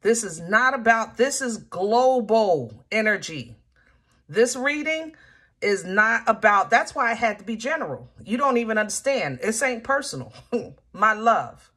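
A woman's voice: a little high, very animated, a little slow, fairly bright tone, breathy edge. A woman reading tarot cards for her viewers in a casual, emphatic way, repeating her warnings and laughing often. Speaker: tarot reader.

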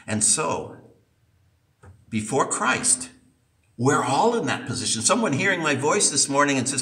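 A man's voice: mid-range voice, sing-song, unhurried, pauses often, sharp tone. A man preaching a sermon, emphatic and repeating points for stress, in an echoey church heard from a distance.

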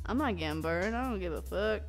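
A woman's voice: mid-range voice, lively intonation, fairly quick, creaky, soft background music. A woman live streaming a game, chatting casually with her viewers, giggly and swearing freely. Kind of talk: casual live-stream chat while gaming.

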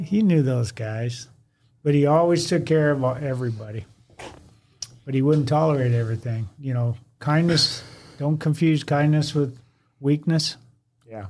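A man who was a fire captain, telling a workplace story in a casual podcast chat and acting out the voices of the people in it. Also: mid-range voice. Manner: animated storyteller who acts out quoted dialogue.

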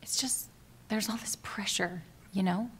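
An actress playing an anxious young woman who pours out her worries to her partner in a soft, halting voice, in a comedy short film. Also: medium pitch, breathy edge, full character voice. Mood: worried.

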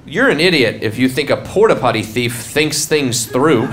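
A young man telling stand-up stories with a wry, deadpan-turned-incredulous delivery. He works a club stage on a live comedy album, with audience sound clearly present behind him. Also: medium pitch, a little hiss or hum. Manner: wry storytelling with quick punchlines. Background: audience laughing.

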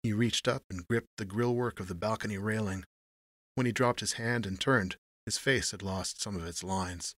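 A man narrating a noir story in a measured storytelling manner. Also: on the low side, fairly bright tone, no echo, studio quality.

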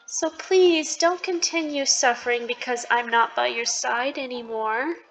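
A woman reading aloud the lines of a gentle, devoted female cat spirit from a game, softly and tenderly. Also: on the high side, measured pace, low-quality recording.

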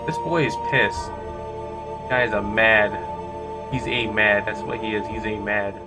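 A young man streaming a first playthrough of a game, reacting with excited, slangy exclamations. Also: fairly low pitch, a little slow, over loud music. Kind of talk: let's play reactions.

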